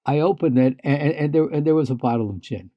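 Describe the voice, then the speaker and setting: A podcast co-host tells stories in casual chat, full of restarts and fillers and laughing now and then. His voice is on the high side and quick, and the recording is lo-fi with no room sound.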